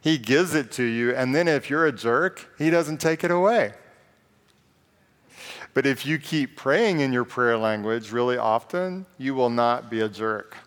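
A pastor preaching a sermon in a conversational, joking way and reading scripture aloud. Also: male voice, mid-range voice, lively intonation, a little slow, a bit bright, clear, resonant tone. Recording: long reverb of a large hall.

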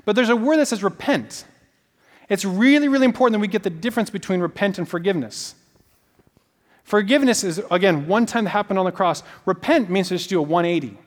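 A high-pitched male pastor gives a sermon at a quick pace, telling stories in a loose, animated style packed with casual fillers. Long reverb makes his voice ring out as though in a large hall.

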